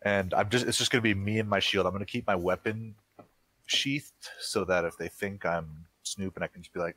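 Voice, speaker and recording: A man's voice: low-pitched, steady tone, a little fast, a bit bright, breathy edge, no room sound. A man playing a tabletop roleplaying game, casually thinking aloud about what his character does, with fillers. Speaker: player.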